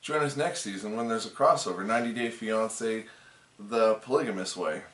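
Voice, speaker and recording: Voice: medium pitch, normal speed, reverberant, recorded from a distance. A co-host making blunt, sarcastic quips in a casual reality show recap. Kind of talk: casual commentary.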